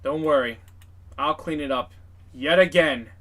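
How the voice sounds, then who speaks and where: A man's voice: a little high, unhurried, fairly bright tone. A man voicing a weary, stern male fleet admiral who speaks in a firm, resigned way.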